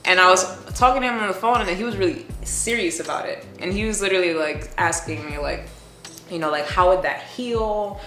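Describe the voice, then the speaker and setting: Brief: woman tattoo artist, frank and lively anecdote-teller; lower pitch; echoey room with soft background music. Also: fairly quick. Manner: animated, blunt and profane, laughs often. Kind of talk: casual storytelling chat. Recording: roomy echo with faint music.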